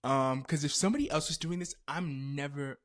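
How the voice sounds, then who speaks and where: A man hosting a podcast, telling a comedic story in a dramatic, animated way with frequent laughter. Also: fairly high pitch, fairly quick. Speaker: podcast host.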